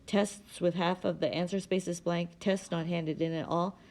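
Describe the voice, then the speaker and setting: A woman's voice: lowish voice, fairly even intonation, a little slow, a little mellow. A woman reading as a grave school official. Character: stern male school official, concerned.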